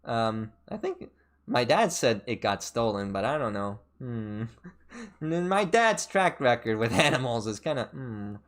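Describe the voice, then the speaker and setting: A male streamer chatting casually into a desk mic, wandering through his story with lots of fillers and restarts. His voice sits in a middle pitch but jumps sharply high and low from phrase to phrase. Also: very animated, unhurried, a bit bright. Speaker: VTuber streamer.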